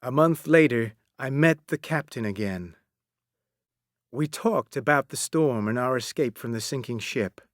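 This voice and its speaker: A man reading a story aloud as narrator, slow and deliberate with expressive delivery. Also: mid-range voice, dry recording, studio quality.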